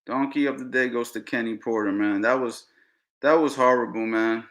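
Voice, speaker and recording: A man's voice: mid-range voice, moderate pace. Fired-up ranting male podcast host. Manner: animated, ranting, repeats phrases. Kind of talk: heated boxing talk.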